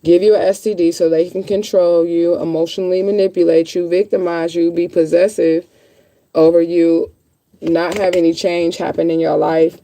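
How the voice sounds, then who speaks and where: A woman's voice: lowish voice, little pitch movement, normal speed, warm tone. A woman reading tarot in a casual livestream chat, blunt, chatty and freely profane. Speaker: tarot reader.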